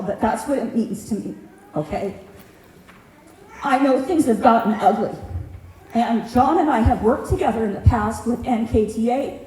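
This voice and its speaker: A woman's voice: mid-range voice, mellow, slight background noise. A middle-aged woman giving an earnest, heartfelt public comment at a community meeting, plain-spoken and personal. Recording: echoey meeting room, faint ambience.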